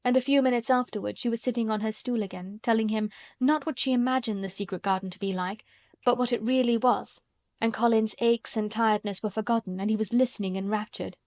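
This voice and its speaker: A woman reading a classic novel aloud in a measured audiobook narration. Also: fairly high pitch, steady tone, a little mellow, no echo, clean studio sound. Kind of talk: scripted narration.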